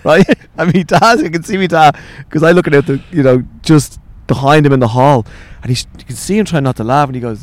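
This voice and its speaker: A man's voice: on the high side, expressive, brisk. A man with an Irish accent, in his forties, telling swearing, laughing anecdotes about his family in a casual interview. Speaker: guest, author.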